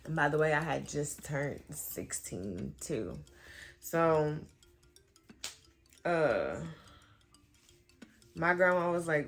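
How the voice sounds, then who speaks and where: A woman vlogger telling a personal story to her viewers, animated and full of fillers. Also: low-pitched, extremely slow, long pauses, faint music behind. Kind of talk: storytime vlog.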